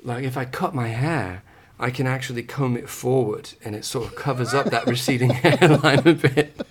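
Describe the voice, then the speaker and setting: A man's voice: mid-range voice, normal speed, lightly acted. A man putting on a British accent as a bit, chatting and poking fun at himself. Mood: playful. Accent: put-on British. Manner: chatty, self-mocking, laughing between lines. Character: American man in a joking put-on British accent. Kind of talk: casual podcast chat.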